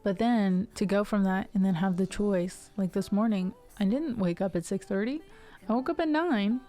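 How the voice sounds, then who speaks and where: Mellow-voiced chatty woman streamer. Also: medium pitch, normal speed. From Ohio River Valley, US. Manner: chatty, rambling, many restarts and fillers. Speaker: music livestream host. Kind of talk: casual chat with stream viewers.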